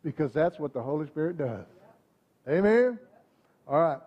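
A male pastor delivers a sermon in a relaxed, conversational way, checking in with the congregation. His voice sits high for a man. The recording sounds somewhat dull and muffled. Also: normal speed. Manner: conversational preaching, frequent "amen?" asides to the congregation.

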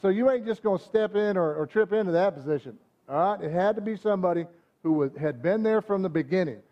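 A man's voice: sits high, fast, muffled recording. A man preaching a sermon, talking conversationally and often asking the congregation "amen?". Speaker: pastor.

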